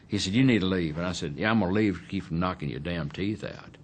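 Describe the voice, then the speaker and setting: A man's voice: low voice, fast talker, a little hiss or hum. A man, telling his memories bluntly and emphatically in a documentary interview.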